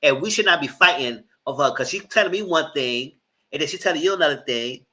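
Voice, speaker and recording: A man giving live commentary on a reality TV show, animated and cussing, mocking the people in it. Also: on the high side, fairly quick, rough recording. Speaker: reality TV reviewer.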